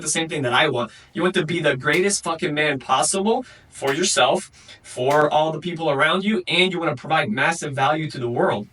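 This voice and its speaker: A man's voice: on the high side, normal speed, bright, forceful tone, slightly rough, distant mic, rough recording. A young man hosting a podcast and giving a blunt solo motivational talk, swearing constantly and calling the listener bro. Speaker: podcast host.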